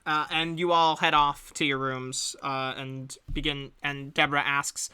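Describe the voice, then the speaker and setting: A game master narrating a tabletop game in a chatty, animated way, full of asides. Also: mid-range voice, measured pace, hardly any pauses, background noise.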